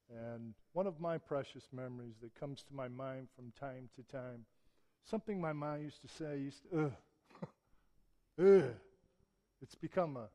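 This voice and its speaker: A man's voice: medium pitch, darkish tone. Storytelling male preacher in a reverberant church. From Michigan, US. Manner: conversational storytelling with emphatic rises. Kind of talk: sermon.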